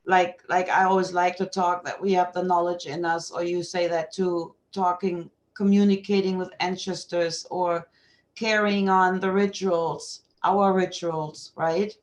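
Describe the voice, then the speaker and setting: A woman guest in a casual video chat, telling stories in an animated way, swearing freely and laughing often. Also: lowish voice, unhurried. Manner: laughs often while talking.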